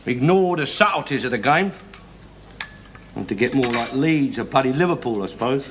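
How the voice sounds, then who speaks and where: An actor playing a loud, argumentative older London working-class football fan with a Cockney accent, ranting and swearing in a 1970s television sitcom. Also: male voice, medium pitch, lively intonation, normal speed, natural voice. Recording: hissy old television soundtrack.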